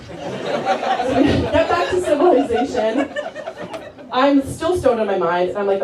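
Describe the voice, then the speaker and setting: A woman's voice: on the high side, moderate pace, pauses often, very noisy. Chatty stand-up comedian woman, roomy and distant. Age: 30s. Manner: chatty, filler-heavy storytelling with deadpan punchlines. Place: comedy club stage. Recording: roomy club sound from a distance, loud crowd laughter. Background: audience laughing.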